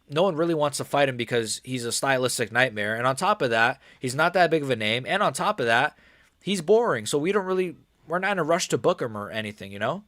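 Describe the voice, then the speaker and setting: A man's voice: fairly high pitch, pushed and bright, no echo, clean studio sound. A young man doing casual live commentary on a fight stream, with slangy, rambling speech and blunt, mocking opinions. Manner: slangy, rambling, frequent "bro" and "like".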